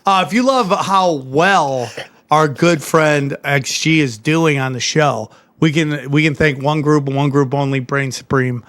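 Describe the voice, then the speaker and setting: A man hosting a podcast, rattling off sponsor plugs with self-mocking humor. His voice sits a little high and stays relaxed and casual. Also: unhurried. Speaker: podcast host. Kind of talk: casual chat, reading ad plugs.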